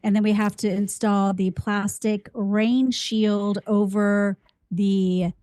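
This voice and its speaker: A woman's voice: mid-range voice, little pitch movement, slow, warm tone, no echo, studio quality. Chatty woman podcast co-host. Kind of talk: casual chat.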